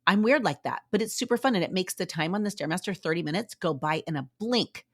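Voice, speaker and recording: A woman's voice: on the low side, expressive, quick pace. A woman hosting a motivational fitness podcast, talking in an upbeat, chatty, cheerleading way and laughing often. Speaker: podcast host.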